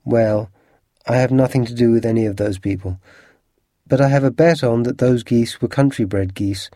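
Man voicing a composed detective, measured, polite, low dark voice, storybook. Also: no room sound, studio quality, natural voice. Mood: calm.

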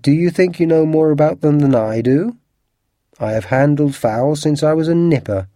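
A man voicing a quick-tempered working-class goose seller who blusters and boasts in a storybook reading. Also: on the high side, dark tone, no echo, clean studio sound, voice pushed up, close to an everyday voice. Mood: indignant.

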